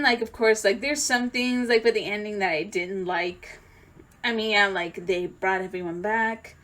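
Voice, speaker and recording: A young woman telling a rambling, emotional story-time vlog, full of fillers and restarts, swinging from loud excited outbursts to quiet near-tearful talk. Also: on the high side. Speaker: vlogger.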